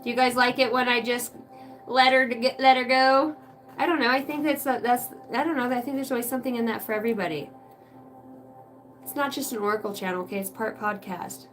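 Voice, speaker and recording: A woman's voice: fairly high pitch, steady tone, brisk, a bit bright, far from the mic, faint music behind, rough recording. A woman hosting a card-reading livestream, venting in a rambling, profane way and chatting with viewers by name. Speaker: oracle card reader and livestream host. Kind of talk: casual livestream rant.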